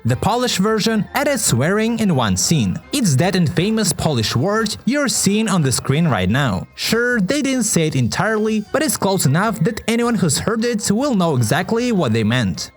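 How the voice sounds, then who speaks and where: A man with a high voice narrates a scripted video essay, swooping widely in pitch as he goes. He sounds wry and conversational, and soft background music sits under his words. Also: very animated, moderate pace, hardly any pauses. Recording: light music bed behind voice.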